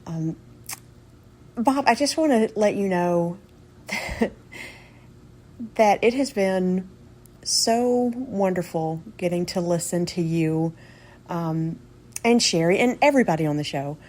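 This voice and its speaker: A woman caller from Florida leaving an affectionate, halting voicemail with little laughs. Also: fairly low pitch, animated, a little mellow. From Tampa, Florida, US. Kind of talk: voicemail message to a radio show.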